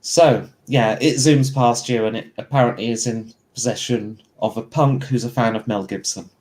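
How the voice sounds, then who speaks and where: A man's voice: medium pitch, steady tone, normal speed, darkish tone. A man running a tabletop game as game master, narrating in a loose, rambling way with plenty of fillers.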